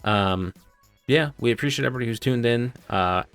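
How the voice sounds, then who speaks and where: A man's voice: medium pitch, brisk, clear, resonant tone, no echo, soft background music. A man hosting and running a tabletop game, talking casually with lots of fillers. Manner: casual, filler-heavy, relaxed. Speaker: game master and host.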